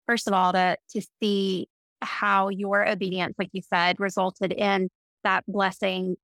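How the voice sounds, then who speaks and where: A woman's voice: mid-range voice, little pitch movement, a little slow, fairly bright tone, no echo. A woman hosting a podcast interview, affirming her guest with enthusiastic reactions. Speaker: podcast host.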